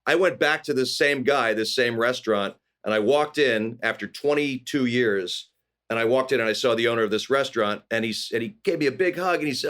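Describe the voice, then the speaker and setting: A middle-aged man from California, a guest actor telling lively anecdotes in an interview and acting out the people he quotes. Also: mid-range voice, fairly quick. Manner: animated anecdotes with voiced quotes. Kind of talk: storytelling interview.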